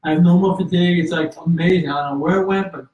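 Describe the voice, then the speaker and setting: A man's voice: high-pitched, steady tone, fast talker, a little mellow. Earnest man telling his story, echoey room. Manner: earnest, with restarts and fillers. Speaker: guest. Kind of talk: storytelling in an interview. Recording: roomy, distant and slightly dull.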